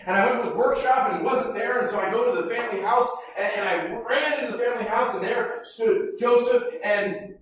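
Male storyteller, first-person dramatic monologue, high voice, animated, hushed to loud, distant echoey room. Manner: animated, swinging from hushed murmurs to loud bursts.

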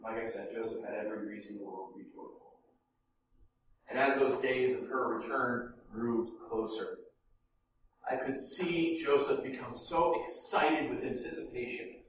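A man telling a first-person dramatic monologue in an animated way, dropping to hushed murmurs and rising to loud bursts. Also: medium pitch, moderate pace, slight background noise. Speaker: storyteller. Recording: echoey room from a distance.

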